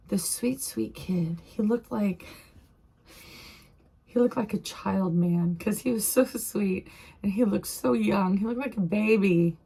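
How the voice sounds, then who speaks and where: A middle-aged woman vlogger recounting a personal experience in a halting, emotional way, often repeating her phrases. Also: medium pitch, warm tone, breathy edge.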